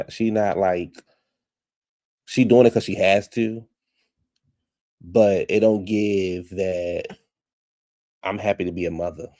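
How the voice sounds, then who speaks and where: A man's voice: sits low, warm tone, dry recording, clean studio sound. A man giving a sassy, gossipy casual recap of a reality show, talking straight to his viewers.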